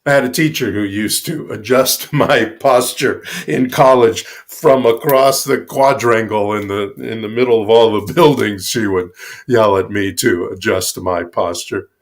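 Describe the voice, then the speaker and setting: Slow, low-voiced male minister. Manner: slow, reflective, emphatic storytelling. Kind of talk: sermon.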